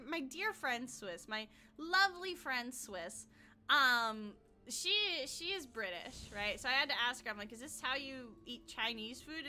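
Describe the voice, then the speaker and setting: Woman, young, from the US, game streamer, high bright voice, chatty and giggly, blunt with swearing. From United States. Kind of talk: casual gaming livestream chat.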